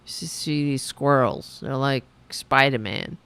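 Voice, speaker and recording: A woman hosting a livestream show, telling stories in a sarcastic, animated way with casual profanity. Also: rumbling low, measured pace, creaky, clean tone. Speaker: show host.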